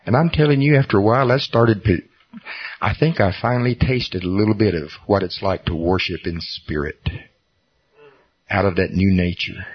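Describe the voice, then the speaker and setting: A man's voice: on the low side, normal speed, husky. A middle-aged man preaching a sermon, telling personal stories earnestly with self-deprecating humor. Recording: dull lo-fi recording.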